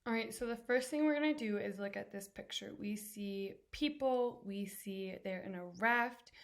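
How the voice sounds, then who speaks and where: A woman's voice: medium pitch, slight background noise. A woman teacher giving a classroom lesson, explaining patiently and step by step with examples.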